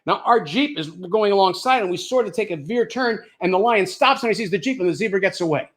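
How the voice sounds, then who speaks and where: An older man who is a comedian, telling stand-up stories in an animated, anecdotal way built around punchlines. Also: sits high, fairly quick. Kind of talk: stand-up storytelling.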